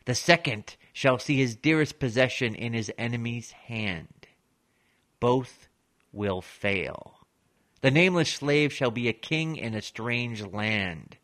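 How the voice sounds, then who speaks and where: A man reading out the lines of a brooding male street prophet, low, hushed and slow. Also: lively intonation. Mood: solemn. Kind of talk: reading a script aloud.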